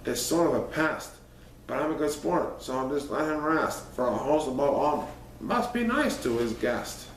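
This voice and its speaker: A man's voice: on the high side, lively intonation, normal speed, a little hiss or hum, natural voice. A man reading as a kind-hearted moose. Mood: gentle. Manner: gentle and accommodating. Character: kind, patient big-hearted male moose. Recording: roomy, distant mic, faint ambience.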